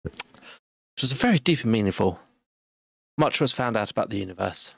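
A man's voice: lowish voice, lively intonation, normal speed, gravelly, a bit bright, husky, no echo. A man streaming a game from home, rambling casually and poking fun at himself as he plays. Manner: rambling and self-deprecating. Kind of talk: casual live-stream commentary while gaming.

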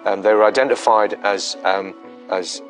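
Man, police detective, very low voice, hesitant, faint music. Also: fairly even intonation. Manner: measured, hesitant with many fillers. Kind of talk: documentary interview.

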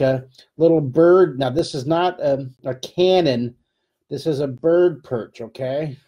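A middle-aged man from California teaches drawing live, chatting upbeat and casual with his viewers as he sketches. His mid-range voice has a dark, slightly rough tone.

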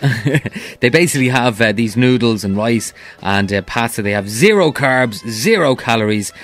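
Irish man co-hosting late-night radio, relaxed and chatty, mid pitch. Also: normal speed, faint music behind. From Ireland. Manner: chatty, laughing. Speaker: radio co-host. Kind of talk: casual radio chat.

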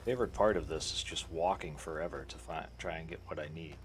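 A man's voice: extremely low pitch, fast talker, a little hiss or hum. A man streaming a fantasy video game, chatting casually with sarcastic jokes as he plays. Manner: joking, sarcastic asides. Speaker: gaming streamer. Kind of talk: casual let's-play commentary.

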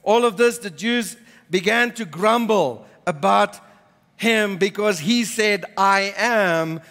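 A man's voice: high voice, slow pace, a bit bright, in a large hall. A man preaching a sermon, reading scripture aloud and then explaining it with emphatic repetition. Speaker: pastor. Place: church.

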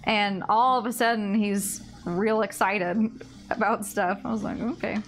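A woman's voice: medium pitch, fairly even intonation, unhurried, soft background music. A young woman bartender chatting casually on a cooking stream, telling rambling stories packed with "like". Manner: rambling, filler-heavy storytelling with lots of "like".

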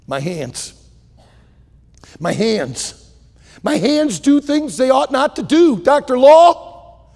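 A man acting out a desperate male patient begging a doctor for help, his voice climbing to shouts. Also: high-pitched, lively intonation, moderate pace, vocal fry, long pauses, in a large hall, full character voice. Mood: pleading. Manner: pleading, rising to shouts.

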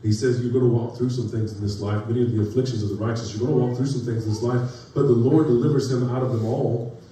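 A man's voice: mid-range voice, steady tone, fast, dark tone. A man preaching a sermon in a folksy way, telling stories and building to rising emphasis. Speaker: pastor. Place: church sanctuary. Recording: echoey church room from far off, faint noise.

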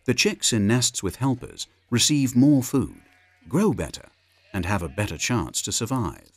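A man narrating a wildlife documentary in a measured, informative scripted delivery. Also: mid-range voice, expressive, breathy edge, no echo.

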